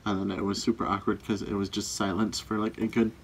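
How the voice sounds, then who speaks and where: A man's voice: fairly low pitch, flat delivery, quick pace, gravelly, a little hiss or hum. A young man chatting casually with his girlfriend in a couple's video, with a dry, teasing way of talking. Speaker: boyfriend in a couple's tag video. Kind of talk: casual chat.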